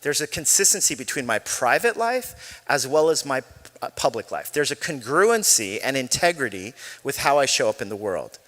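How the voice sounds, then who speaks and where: Male preacher, lively pitch, bright tone, casual storytelling delivery, echoey church hall. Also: moderate pace. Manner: conversational storytelling, self-deprecating jokes. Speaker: pastor. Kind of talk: sermon.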